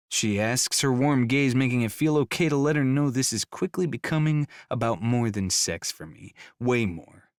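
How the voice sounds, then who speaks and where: A man's voice: medium pitch, moderate pace, few pauses, dry recording. A man narrating a first-person romance audiobook with easygoing storytelling on a close studio mic.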